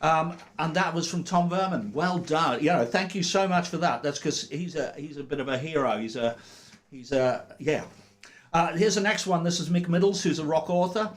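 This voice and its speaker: Chatty male livestream host, higher voice. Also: moderate pace. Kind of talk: casual livestream chat. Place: studio.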